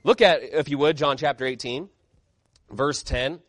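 A man's voice: mid-range voice, a little slow, fairly bright tone, dry recording. A man preaching a sermon as pastor, emphatic and fiery, firing off rhetorical questions.

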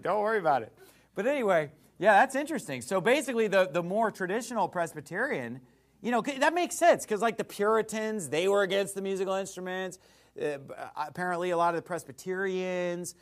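A man preaching a sermon as pastor, fiery and emphatic, mocking what he thinks is foolish doctrine. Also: high voice.

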